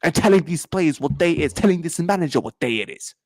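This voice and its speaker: A man's voice: fairly high pitch, lively intonation, quick pace, darkish tone, no echo. A man hosting a live football reaction stream, ranting and swearing in heavy street slang. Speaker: host. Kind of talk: angry live match reaction.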